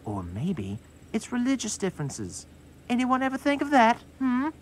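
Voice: mid-range voice, wildly swooping pitch, moderate pace, slight background noise. An actor playing Herb, a sarcastic, complaining male talking skeleton in a horror-comedy short film.

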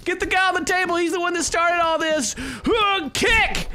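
A man voicing a frantic male bar patron who yells orders during a fight. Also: very high voice, normal speed, voice pushed up. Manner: shouting, urgent.

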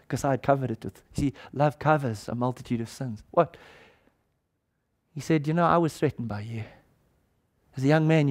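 A man preaching to his church, telling a story from his own life. He acts out the dialogue as he goes, and his voice sits in an ordinary middle pitch. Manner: animated storytelling, acting out quoted dialogue. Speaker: pastor. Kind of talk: sermon storytelling.

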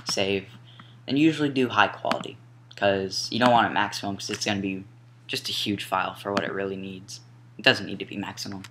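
A young man casually talking through a software tutorial step by step, now and then apologizing and correcting himself. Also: on the low side, steady tone, brisk, noisy background. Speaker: tutorial maker. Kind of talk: screen-recorded software tutorial. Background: mouse clicks and typing.

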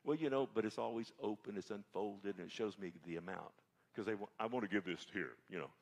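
A man's voice: lowish voice, fast, creaky, a little mellow, breathy edge. A male pastor preaching a folksy, conversational sermon and often checking in with his congregation. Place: church sanctuary.

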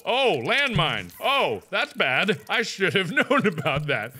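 A young man giving loud, jokey let's-play commentary, swinging between deep mutters and high yelps. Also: expressive, unhurried, faint music behind. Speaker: gaming video host.

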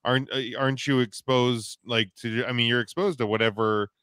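Podcast guest, man, mid pitch, rambling, dry mic. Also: fairly even intonation, fairly quick, a bit bright, smooth, no room sound. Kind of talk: casual podcast banter.

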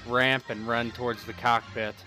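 A man's voice: mid-range voice, little pitch movement, moderate pace, bright, forceful tone, faint music behind. A man playing a tabletop game, blunt and joking as he declares his moves. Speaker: player.

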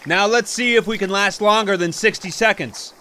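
A man's voice: sits high, normal speed, sharp tone, slight background noise, voice pushed down. A man voicing a hyped young male streamer greeting his viewers. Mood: upbeat. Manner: upbeat greeting style.

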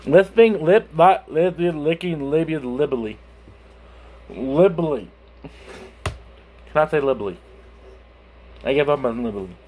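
Young man, lisping, high voice, lively swoops, giggly, swears, casual vlog. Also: moderate pace, pauses often, slight background noise. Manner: giggly, swearing, stumbling over words. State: lisping from a burned tongue. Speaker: YouTuber.

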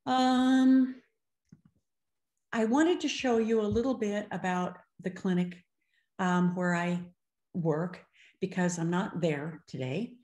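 An older woman gives a webinar lecture on child language, with a voice pitched a little low for a woman. She talks expressively and acts out the phrases she quotes in other voices. The sound carries a roomy echo. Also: slow pace, long pauses. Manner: expressive, slips into voices when quoting children and parents. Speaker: speech-language clinician presenting.

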